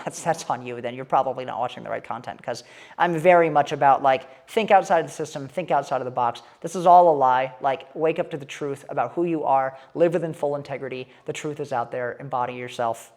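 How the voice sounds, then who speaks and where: Woman with a low voice, telling a story in an animated, irreverent, candid way. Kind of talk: casual spoken storytelling.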